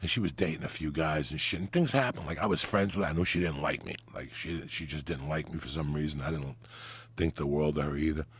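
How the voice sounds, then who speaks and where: A man's voice: very deep voice, fast talker, slightly rough, dry recording. A middle-aged man, telling a crude story in casual talk and laughing through it. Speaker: comedian guest.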